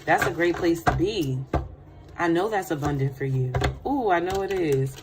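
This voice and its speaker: Lively woman streaming tarot. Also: on the low side, moderate pace, heavy background noise. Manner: animated, laughing, greets viewers, drops to soft prayer. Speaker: tarot reader and livestream host. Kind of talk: livestream chat with prayer.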